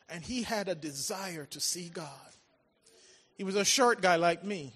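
A man preaching a sermon, swinging between loud calls and hushed, drawn-out lines. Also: sits high, expressive, husky. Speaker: pastor. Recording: large reverberant hall with faint music.

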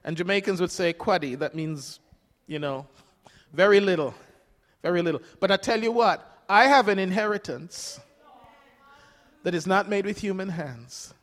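An older man preaching a sermon to a congregation, emphatic, calling out questions and dropping between loud and soft. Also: sits high, moderate pace, pauses often, long reverb tail. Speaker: pastor.

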